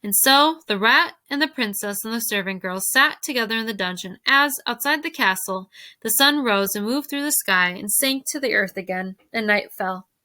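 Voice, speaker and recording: A woman teacher reading a novel aloud to her class, expressive, pausing to ask questions. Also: fairly high pitch.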